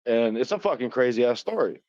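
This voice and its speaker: Speaking a little fast, this man in his thirties co-hosts a casual podcast, his medium-pitched, slightly mellow voice swinging widely in pitch. He retells a story loosely, laughs a lot and swears nonstop. The recording is dry, dull and lo-fi.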